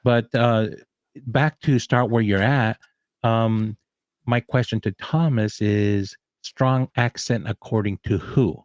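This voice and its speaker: A man who grew up in the American South, speaking in a relaxed, encouraging panel chat with frequent pauses. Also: mid-range voice, no echo. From Southern United States. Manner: encouraging, reflective, many pauses. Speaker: guest speaker.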